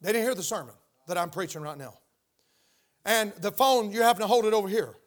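A man's voice: high voice, fairly quick. An older man preaching a sermon in church, emphatic and questioning his congregation as he talks. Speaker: pastor. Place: church sanctuary.

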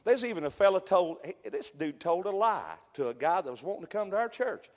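A middle-aged man preaching a fervent revival sermon, swinging from loud peaks to hushed storytelling. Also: high-pitched, big pitch swings, a little fast. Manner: fervent, builds to shouted peaks then drops to hushed storytelling. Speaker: pastor. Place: church sanctuary. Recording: long hall reverb.

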